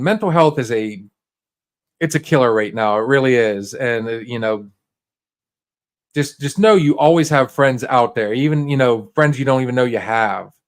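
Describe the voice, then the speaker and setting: Man, livestream host, casual and rambling, mid-pitched, lots of restarts. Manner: rambling, halting, many restarts and fillers; laid-back and encouraging, talks straight to viewers.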